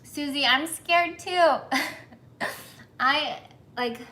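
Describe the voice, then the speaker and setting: This baking livestream host, a woman in her thirties, talks extremely slowly in a high, sharp-toned voice. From her humid home kitchen she's flustered and sweating, casually chatting, apologizing, welcoming viewers and reading their comments aloud.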